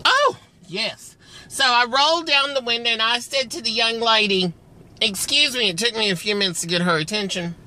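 A chatty man rambles through a story outdoors on a freezing day, throwing in big theatrical exclamations. His voice catches with a frog in the throat from the cold, and he keeps clearing it. Heavy wind rushes across the phone mic. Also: very high-pitched, sharp tone. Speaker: vlogger telling a story. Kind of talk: casual storytelling to camera. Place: outdoors at a filling station in freezing weather.

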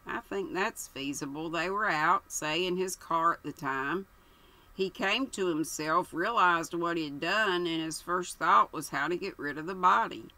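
A woman voicing a placid, tactful middle-aged police superintendent who lays out his theory in a measured way. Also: on the low side, low-quality recording. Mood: reasoning. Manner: calm, measured, deferential.

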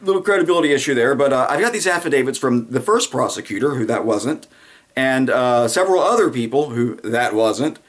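A man's voice: mid-range voice, brisk. Sarcastic rambling male commentator. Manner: sarcastic, rambling, frequent fillers. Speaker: political commentator. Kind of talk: casual monologue commentary.

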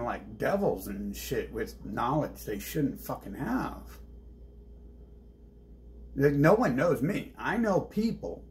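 Male streamer, gravelly voice, swings up and down in pitch, swears constantly, rambles restlessly. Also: slight background noise. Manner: heavy swearing, restless, jumps between topics. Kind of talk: agitated rambling monologue.

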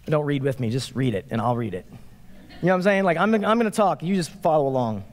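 High-voiced man preaching in a reverberant hall. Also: a little fast. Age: 40s. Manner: animated, playful, acts out quotes. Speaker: pastor. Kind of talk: casual conversational sermon. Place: church sanctuary. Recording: long reverb of a large hall.

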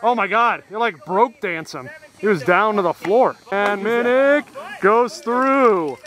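A man giving excited, jokey play-by-play of a softball game outdoors. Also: sits high, slow pace. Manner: excitable, jokey, shouts at big plays. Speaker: vlogger commentating a softball game.

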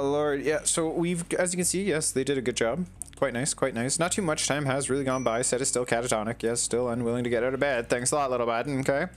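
Man, let's-play commentary, mid-pitched, talks back to game characters, faint game music behind. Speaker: gaming channel host.

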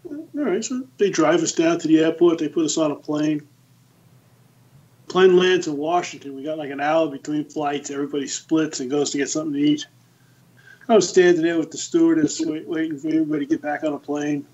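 A man in his sixties, a podcast guest, telling lively anecdotes in a casual storytelling style. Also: a little high, a little fast, highs cut off. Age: 60s. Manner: lively anecdotes, acts out the quoted voices.

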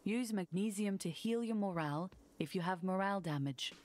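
A woman voicing a calm adult female tutorial announcer in a video game, even and instructive. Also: medium pitch, normal speed, lightly acted. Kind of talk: scripted game tutorial voice-over.

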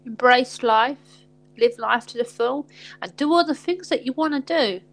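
A woman's voice: sits high, moderate pace, a little hiss or hum, poor audio. A woman hosting a live stream chat, rambling in an upbeat, sweary way.

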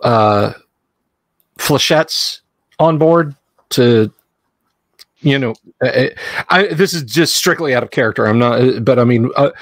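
A man's voice: medium pitch, a little slow, pauses often, no echo. Joking male player on a dry mic. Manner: joking, chuckling asides. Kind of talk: casual tabletop game chat.

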